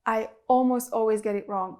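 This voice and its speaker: A woman's voice: on the high side, steady tone, normal speed, darkish tone. A woman hosting an interview, non-native English speaker, asking questions with enthusiasm. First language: not English. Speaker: interview host. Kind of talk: casual interview chat.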